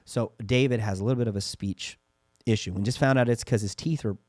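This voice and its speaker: A man in his thirties co-hosting a casual podcast chat, telling parenting stories in an earnest, animated way. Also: medium pitch, fairly quick, dry recording, clean studio sound. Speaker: podcast co-host.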